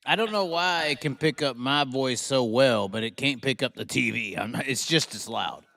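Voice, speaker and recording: A man hosting a casual live stream, rowdy and crude, joking around with sudden excited outbursts. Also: mid-range voice, normal speed, creaky. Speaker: livestream host.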